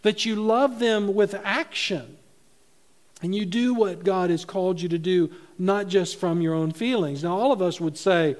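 High-voiced, animated male pastor. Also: measured pace. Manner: animated, swinging between loud emphasis and soft low asides. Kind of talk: sermon. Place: church.

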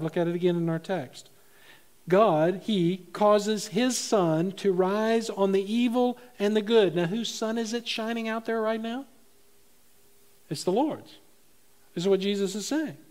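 A man preaching a sermon as pastor of his church, animated, swinging between loud emphasis and soft, low asides.

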